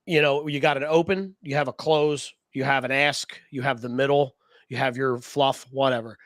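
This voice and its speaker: A man hosting a podcast, asking energetic, rambling questions in a casual interview. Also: medium pitch, normal speed, dry recording. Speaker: podcast host.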